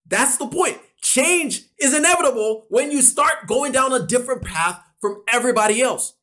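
A man's voice: very high-pitched, expressive, normal speed, hardly any pauses, pushed and bright. A man giving a motivational talk on personal finance, emphatic and repetitive, acting out little imagined conversations. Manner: emphatic, repeats key lines for stress.

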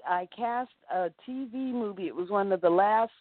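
A woman, an actress guest in an interview, telling animated stories and acting out what people said. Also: medium pitch, moderate pace, no echo. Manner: animated storyteller acting out quotes. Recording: dry, tinny phone-like line.

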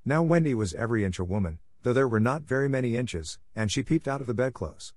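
A man narrating a classic children's story in a measured, even reading. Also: mid-range voice, no echo, studio quality.

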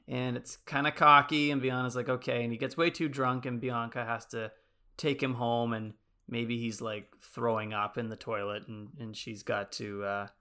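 A man with a bright, smooth, resonant voice talks through a movie pitch in a loose, rambling way. He keeps the tone casual and fills his sentences with likes and ums as he thinks aloud. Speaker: podcast co-host pitching a movie sequel. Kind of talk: casual chat.

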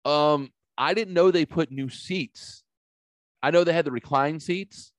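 A man's voice: on the high side, unhurried, no echo, clean studio sound. A man hosting a podcast, telling a rambling, profane story in casual chat. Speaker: podcast host.

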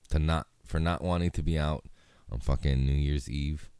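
Speaking at a measured pace with an extremely low, steady voice that's darkish, clear, and resonant, a young man from Hawaii hosts a casual solo podcast. There's no echo, and he rambles in a relaxed way while swearing constantly.

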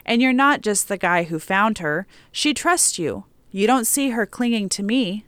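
A woman voicing a caring, level-headed woman who speaks gently and reassuringly in an audiobook story. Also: medium pitch, expressive, measured pace, no echo. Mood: gentle.

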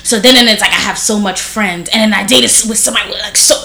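A woman's voice: mid-range voice, quick pace, gravelly, sharp tone. Blunt, profane woman in her thirties. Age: 30s. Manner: blunt, profane, heavy use of filler "like". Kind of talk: casual storytelling chat. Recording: roomy echo.

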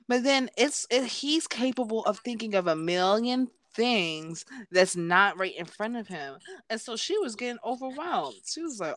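A young woman co-hosting a podcast, recapping chapters in casual chat with animated retellings. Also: mid-range voice, unhurried, dry recording. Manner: animated retelling with playful quoted voices. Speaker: podcast co-host.

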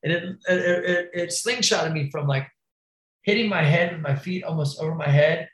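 A man's voice: a little high, normal speed, a bit bright, echoey room, low-quality recording. A man telling a wild crash story in casual, profane slang, calling the listener bro and dude. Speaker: podcast guest, BMX rider.

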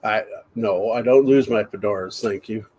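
A man's voice: on the low side, normal speed, a little mellow, breathy edge. Joking male podcast host. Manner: teasing, joking. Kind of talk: casual chat.

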